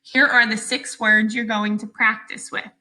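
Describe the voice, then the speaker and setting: A woman teacher giving a recorded phonics lesson for young children, speaking slowly, clearly and patiently with pauses between words. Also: on the high side, level tone, pushed and bright, low-quality recording.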